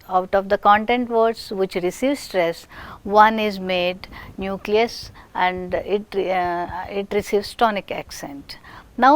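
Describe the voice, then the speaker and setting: Slow, deliberate Indian woman lecturer. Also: medium pitch, no echo. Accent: Indian English. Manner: slow, deliberate, with frequent restarts and example sentences. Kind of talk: recorded phonetics lecture.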